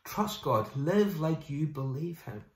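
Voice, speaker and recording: A male pastor delivering a sermon, lively and conversational, sometimes mimicking people in quick asides. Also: fairly high pitch, roomy sound.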